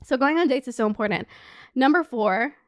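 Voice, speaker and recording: A young woman in her twenties hosting a podcast, talking in a candid, animated way, full of "like" and open swearing. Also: high-pitched, fairly quick, no room sound, clean studio sound. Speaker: podcast host. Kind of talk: casual advice chat.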